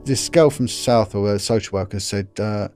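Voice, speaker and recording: A middle-aged man, a former police officer, recounting events in an interview in an earnest, grave way, halting often and repeating words as he restarts. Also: on the low side, darkish tone, faint music behind.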